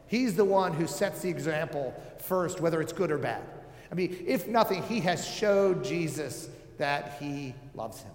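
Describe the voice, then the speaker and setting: A man giving a casual, conversational sermon, with joking asides and many filler words. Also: a little high. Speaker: preacher. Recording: echoey hall with long reverb.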